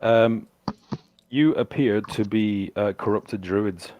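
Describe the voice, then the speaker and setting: A man running a tabletop game as game master, narrating the scene descriptively and halting often with fillers. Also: lowish voice, darkish tone, no echo, muffled recording.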